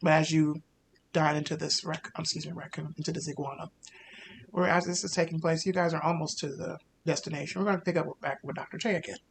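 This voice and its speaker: A man narrating a tabletop game as game master, casual and halting with many fillers. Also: a little high, steady tone, creaky, slight background noise.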